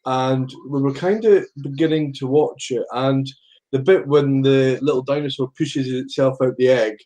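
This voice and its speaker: A man's voice: mid-range voice, fairly even intonation, moderate pace, dark tone. A middle-aged Scottish man chatting casually as a podcast guest, rambling, swearing freely and laughing often. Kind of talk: casual film-watching chat.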